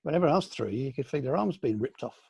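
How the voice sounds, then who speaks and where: An older man from the UK, a senior aikido teacher, reminiscing in a relaxed online question-and-answer session, with many ums and restarts. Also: mid-range voice, very fast, gravelly, husky, no echo, muffled recording. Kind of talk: casual online Q&A. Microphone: video call.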